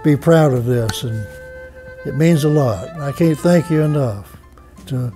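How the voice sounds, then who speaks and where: Older man, Mississippi accent, slow and halting, mellow tone, faint music behind. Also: medium pitch. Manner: halting, searching for words, moved. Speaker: award recipient. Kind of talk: heartfelt acceptance speech.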